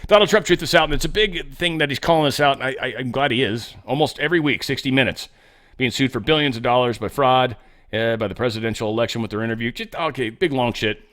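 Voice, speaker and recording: This male podcast host, speaking fast in a medium-pitched, fairly bright voice, reads news stories aloud on his own show. He riffs on them in a rambling, sarcastic monologue sprinkled with profane asides.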